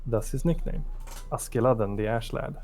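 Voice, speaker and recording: A man's voice: mid-range voice, normal speed, creaky, faint music behind. Man casually telling a folk tale. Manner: relaxed, rambling, with restarts. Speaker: storyteller. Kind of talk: casual storytelling to friends.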